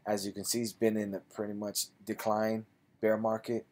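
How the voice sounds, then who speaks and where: Low-voiced man talking through stocks. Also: monotone, moderate pace. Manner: reads figures aloud in clipped phrases, then chats loosely. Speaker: investing channel host. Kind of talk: casual stock-analysis commentary.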